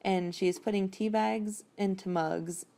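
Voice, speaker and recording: A woman with a mid-range, warm voice and vocal fry speaks unhurriedly with fairly even intonation. Hosting a podcast, she casually recaps a novel, chatty and rambling, with frequent fillers and laughs.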